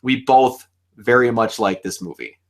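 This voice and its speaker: A young man hosting a casual fan chat, animated and laughing often, acting out lines as he talks. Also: mid-range voice, unhurried. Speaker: show host.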